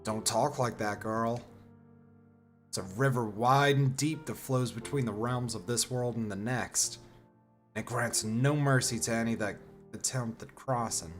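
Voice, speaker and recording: A man voicing a small, fierce, foul-mouthed old grandmother with a rough drawl. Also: medium pitch, measured pace, faint music behind, natural voice. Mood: stern.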